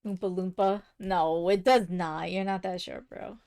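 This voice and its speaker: A woman live-streaming her drawing, chatting casually with her viewers and poking fun at her own struggles, often muttering quietly as she works. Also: fairly low pitch, steady tone, unhurried, gravelly, hardly any pauses. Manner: chatty, self-mocking, talks to her chat; often drops to quiet muttering while working. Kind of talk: casual chat while drawing.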